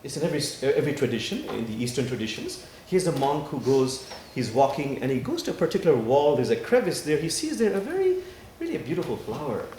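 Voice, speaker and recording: A man, an imam, giving a sermon in a worship hall and telling parables with dramatic pauses. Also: mid-range voice, a little hiss or hum. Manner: animated storytelling with dramatic pauses. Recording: echoey hall, faint ambience.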